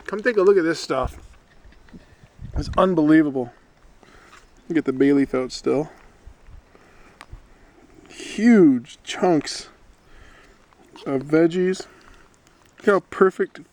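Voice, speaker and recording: Out by a lake, a man films his solo hike on a handheld camera, vlogging in a casual, playful, rambling way. His voice runs high, and he takes his time with long pauses in this laid-back trail vlog.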